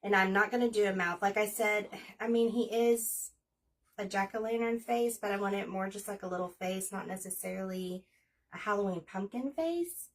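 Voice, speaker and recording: Gravelly woman in her forties chatting while crafting. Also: mid-range voice, flat delivery, moderate pace, distant mic. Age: 40s. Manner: chatty, rambling, talks while working. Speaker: craft livestream host. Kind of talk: casual crafting livestream chat.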